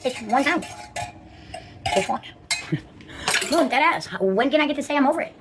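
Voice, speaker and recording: A woman's voice: sits high, lively intonation, normal speed, background noise. A woman ranting on a live stream, profane, indignant and repeating herself. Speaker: livestreamer.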